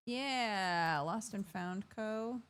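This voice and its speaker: A woman's voice: mid-range voice, drawn-out words, fairly bright tone, clean tone. A young adult woman streaming, chatting casually, reading chat and thanking subscribers, a bit tired and yawning.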